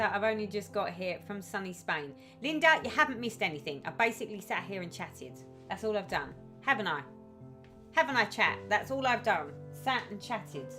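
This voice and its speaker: A woman's voice: mid-range voice, fairly bright tone. A woman hosting a casual live stream, chatting and reading out viewers' comments with effusive sympathy.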